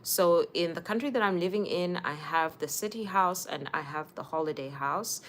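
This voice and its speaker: A young woman, hosting a casual livestream and chatting warmly with viewers by name. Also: fairly low pitch, moderate pace, slight background noise. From Zimbabwe. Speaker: livestream host.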